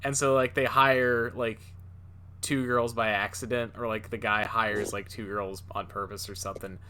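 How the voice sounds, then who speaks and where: A man chatting on a casual podcast, his voice bright and forward. He rambles, restarting sentences and padding them with fillers. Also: lowish voice, level tone, moderate pace, a little hiss or hum. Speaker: podcast co-host. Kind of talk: casual chat.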